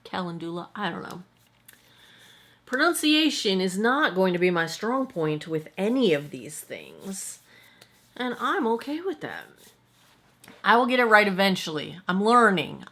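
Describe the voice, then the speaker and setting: A woman's voice: medium pitch, a bit bright. A woman in her forties giving a casual, rambling skincare review at home as a vlogger, often correcting herself mid-sentence. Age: 40s. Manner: rambling, self-correcting, chatty. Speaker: skincare vlogger and product maker. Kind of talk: casual chatty product review. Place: at home, indoors, filming in front of a monitor.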